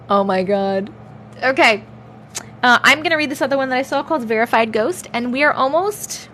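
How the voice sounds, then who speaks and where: A woman with a slightly raised pitch hosts a casual livestream. She is playful and chatty, thanking her viewers again and again and slipping in and out of put-on accents as she reads their stories aloud. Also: sing-song, normal speed, a little hiss or hum. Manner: thanks viewers warmly and often. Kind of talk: casual livestream chat and story reading.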